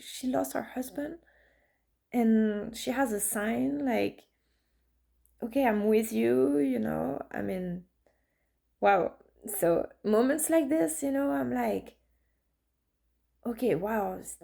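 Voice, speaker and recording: A woman's voice: fairly high pitch, gravelly, mellow. A woman in her thirties, an artist, chatting casually and telling personal stories with many fillers and restarts. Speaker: artist and vlogger. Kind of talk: casual storytelling monologue.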